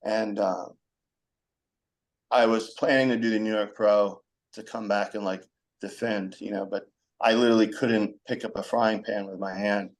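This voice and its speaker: A man's voice: fairly low pitch, steady tone, moderate pace. A young man as a podcast guest, talking frankly in a rambling conversational way, with many fillers. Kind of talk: candid conversational storytelling.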